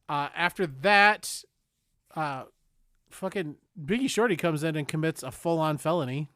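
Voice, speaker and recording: A man's voice: a little high, measured pace, bright, forceful tone, clean tone, no room sound, clean studio sound. A man co-hosting a podcast, chatting casually and animatedly, acting out movie lines as he goes. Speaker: podcast co-host. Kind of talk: casual chat.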